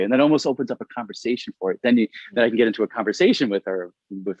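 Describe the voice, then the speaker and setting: A man's voice: fairly low pitch, quick pace, a little mellow, dry recording. Middle aged guy rambling with lots of like, dull dry call audio. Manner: rambling, says "like" constantly, laughs often. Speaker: interview guest. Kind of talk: casual conversation.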